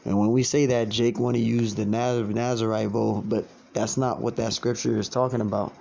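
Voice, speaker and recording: A man with a low, gravelly voice teaches a religious lesson in a blunt, preachy style, cursing freely. He hammers the same points again and again and slows right down to read passages aloud. The recording is dull and lo-fi, with a faint hiss behind him. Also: level tone, dark tone. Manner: blunt, preachy, repeats phrases, curses, reads quotes slowly. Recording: dull lo-fi sound with faint noise.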